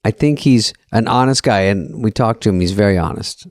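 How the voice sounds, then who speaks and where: A man's voice: on the low side, a little fast, no echo, clean studio sound. A middle-aged man co-hosting a podcast, telling wry, profane stories in casual chat and acting out the quotes. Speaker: podcast co-host.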